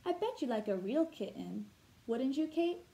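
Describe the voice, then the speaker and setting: A kindly old shopkeeper in a read-aloud storybook, gentle and folksy, as a woman voices him. The voice stays fairly high and soft-spoken. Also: sing-song, moderate pace, vocal fry, roomy sound, heavily acted.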